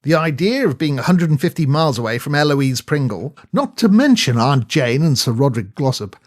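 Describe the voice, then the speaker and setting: A man's voice: mid-range voice, a little mellow. A man narrating a comic novel in a breezy, jaunty first-person manner. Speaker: audiobook narrator.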